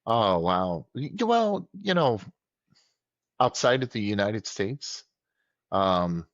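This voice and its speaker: A man with a low voice speaks very slowly and thinks out loud, agreeing and adding his own points in a casual podcast talk. The recording is dry and slightly dull. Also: very animated, no echo. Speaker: podcast co-host.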